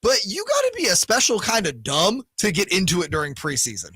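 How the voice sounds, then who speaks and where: A man co-hosting a sports radio show, bantering and teasing in a casual, animated way. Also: sits high, fairly quick, slightly rough, dry recording, clean studio sound.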